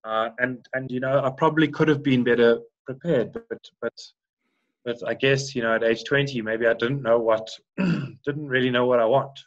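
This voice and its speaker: Here a man in his thirties from South Africa, a former Paralympic swimmer, talks at normal speed in a medium-pitched, steady voice. He's a guest on a casual podcast interview, rambling with many restarts and fillers, recorded with dull lo-fi sound.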